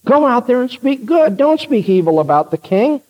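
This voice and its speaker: Pushy male messenger put on by a preacher, coaxing, insistent, higher voice, dull lo-fi sound. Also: very animated, moderate pace, full character voice. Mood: coaxing, pressuring. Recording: dull lo-fi recording.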